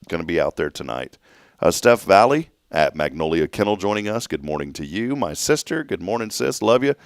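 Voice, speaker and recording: A man's voice: deep voice, very animated, brisk, no room sound, studio quality. A man hosting a local morning show, reading a prepared message and viewer greetings in a casual, joking way. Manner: reads shout-outs to viewers, jokes with his co-host. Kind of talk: reading a sponsor message, then casual chat.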